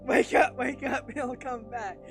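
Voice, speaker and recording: A woman's voice: a little high, fairly even intonation, a little slow, creaky. Jittery woman screaming through a horror game. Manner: panicky, screams and laughs, repeats pleas over and over. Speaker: gamer. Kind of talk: let's play commentary. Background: game music.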